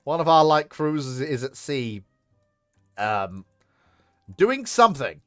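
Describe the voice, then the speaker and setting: A man's voice: on the high side, sing-song, takes it slowly, dry recording, clean studio sound, faint music behind. A man streaming a naval strategy game, chatting casually, laughing often, swearing and putting on mock dialogue. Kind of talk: casual gaming commentary.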